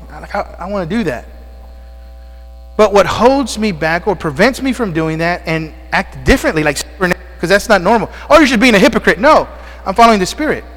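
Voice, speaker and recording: A male pastor preaching a sermon, asking the congregation questions and calling out amens, sounding out of breath. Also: high voice. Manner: call-and-response preaching with frequent amens and questions. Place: church sanctuary. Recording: long church reverb with mains hum.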